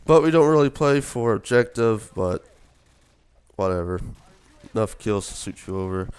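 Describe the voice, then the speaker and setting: A man's voice: lowish voice, expressive, normal speed, a little mellow, smooth. A young man giving casual, rambling commentary over gameplay, sleepy from just waking up, with many fillers. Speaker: gaming video commentator.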